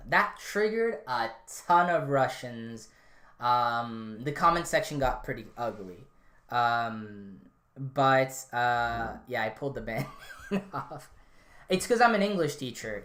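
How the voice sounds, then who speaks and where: A woman hosting a casual solo podcast, rambling and offhand with lots of fillers and restarts. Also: extremely low pitch. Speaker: podcast host. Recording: roomy, echoey room.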